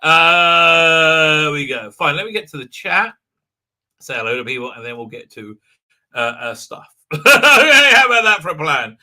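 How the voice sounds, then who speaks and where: Bright-voiced rambling livestream host man. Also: on the high side, sing-song, measured pace. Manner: rambling, many fillers and restarts, laughs often. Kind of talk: casual live-stream chat.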